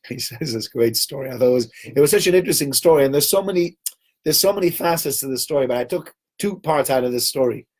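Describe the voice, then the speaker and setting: A rabbi giving a weekly Torah talk, telling a story in an animated way and acting out the characters' voices. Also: male voice, medium pitch, fast talker. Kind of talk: storytelling sermon.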